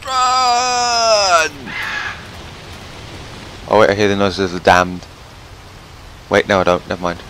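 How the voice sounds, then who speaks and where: A young man giving loud, profane let's play commentary, yelling and swearing at the game. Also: low voice, little pitch movement, a little fast, pauses often, a little hiss or hum. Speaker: gameplay commentator.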